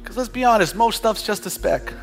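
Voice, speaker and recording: A male pastor preaching a sermon, talking conversationally with humorous asides to the congregation and building to shouted prayers. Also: sits high, fairly quick, gravelly, soft background music.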